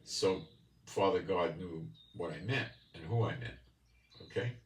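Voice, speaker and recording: A man's voice: deep voice, measured pace, slight background noise. A man with a New York accent giving a folksy bible teaching monologue. He keeps checking in with his listeners. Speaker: channel host. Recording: roomy, distant mic with faint ambience.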